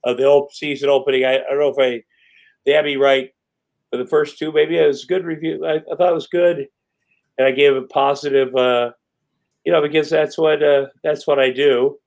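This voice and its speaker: Slightly high, a little fast, and creaky, the middle-aged guest's voice drives an animated retelling on a podcast. In this casual storytelling interview he rambles, curses, and performs other people's lines.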